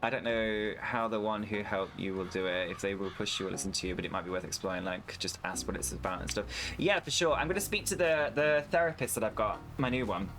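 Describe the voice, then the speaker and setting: British man, lowish voice, casual game-stream chat, candid and sweary, faint music behind. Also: fast talker. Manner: candid, sweary, talks to chat while playing.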